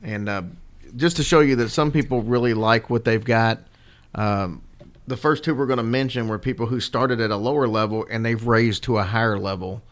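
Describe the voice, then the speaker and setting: A man's voice: medium pitch, moderate pace. A man co-hosting a podcast, chatting in a loose, rambling way about supporting the show. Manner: rambling and easygoing, with fillers. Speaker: podcast co-host. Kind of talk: casual chat.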